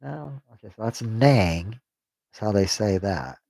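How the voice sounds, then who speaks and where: A man reading a text aloud on a stream, sounding out unfamiliar words haltingly and joking to himself. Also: fairly low pitch, lively intonation, vocal fry, a little mellow, no echo. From United States. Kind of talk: casual reading aloud on a livestream.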